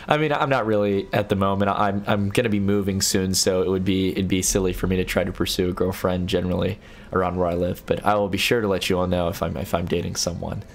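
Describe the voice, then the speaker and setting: Late at night, a young man livestreams, reading out viewer chat and responding in a stop-start manner full of restarts. He talks fast in a low, gravelly voice with flat delivery, and a little background noise is audible.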